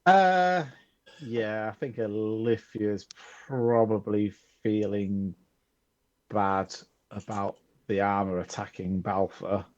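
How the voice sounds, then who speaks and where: A man's voice: fairly low pitch, slow, no room sound, highs cut off. A man playing a tabletop game, talking in a wry, mock-defensive way. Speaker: player.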